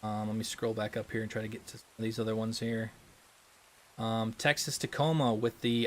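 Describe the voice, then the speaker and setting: A man's voice: fairly low pitch, brisk, slight background noise. A young man hosting a gaming livestream, chatting casually and answering super chats with lots of ums and restarts. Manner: relaxed, rambling, frequent ums and restarts.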